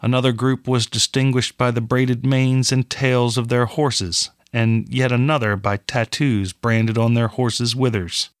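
The medium-pitched male narrator reads a fantasy audiobook with steady, measured storytelling. The recording is studio quality with no room sound.

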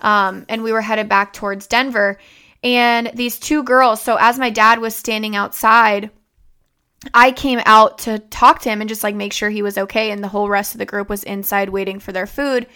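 A woman's voice: medium pitch, little pitch movement, normal speed, sharp tone, clean tone. A young woman vlogger telling a personal story in a rambling, conversational way, full of fillers and restarts.

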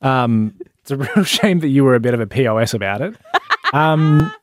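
A man's voice: medium pitch, expressive, normal speed. A man co-hosting a breakfast radio show, bantering and teasing his co-host.

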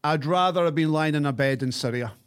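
A man's voice: fairly quick, clear, resonant tone. A Scottish man hosting a podcast, teasing his co-host in casual chat and eager to launch into a rant. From Scotland. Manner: teasing, eager, laughs high. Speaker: podcast host, former radio presenter.

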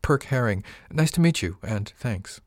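A man's voice: mid-range voice, lively intonation, a little slow, dry recording, studio quality, natural voice. A man voicing a short, polite young male spacer who speaks plainly and modestly.

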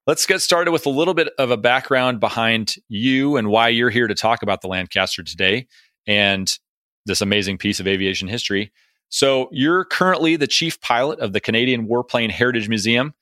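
A chatty American man hosts an interview in a bright, forceful voice on a dry, close recording. He talks casually with plenty of fillers and pokes fun at himself. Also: fairly low pitch, no room sound. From United States. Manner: chatty, self-deprecating, filler-heavy. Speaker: podcast host.

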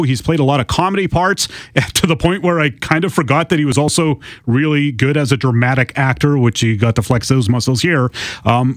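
A man's voice: a little high, no echo, studio quality. A man co-hosting a podcast who reviews a TV season with enthusiasm, in a casual chat. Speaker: podcast co-host.

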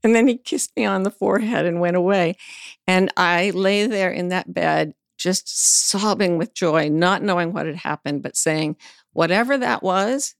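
A woman's voice: lowish voice, moderate pace, gravelly, no room sound, clean studio sound. A middle-aged woman, an interview guest, telling personal stories candidly and frankly, now and then swearing. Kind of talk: personal storytelling in conversation.

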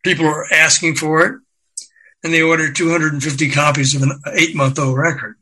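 An older man, a record executive, telling lively anecdotes as an interview guest, acting out the quotes and laughing along. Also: a little high, a little fast, breathy edge, poor audio. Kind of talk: anecdotal storytelling.

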